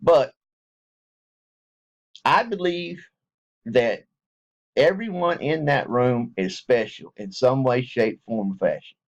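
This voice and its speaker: A man talking to his viewers in a rambling spoken apology, folksy and meandering, often stopping to restart, and rising from low mutters to high laughing bursts. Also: animated, slow, long pauses. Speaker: online video maker. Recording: dull lo-fi home recording.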